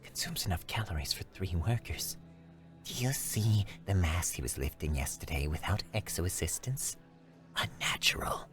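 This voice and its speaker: A man's voice: low-pitched, expressive, moderate pace, music in the background. A man doing a nervous whispering alien engineer. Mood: hushed. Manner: hushed gossiping whisper.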